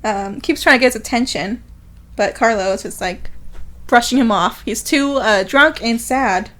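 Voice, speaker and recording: A woman co-hosting a book podcast, casually retelling a novel's chapter in a giggly, lively way. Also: fairly high pitch, normal speed. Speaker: podcast co-host.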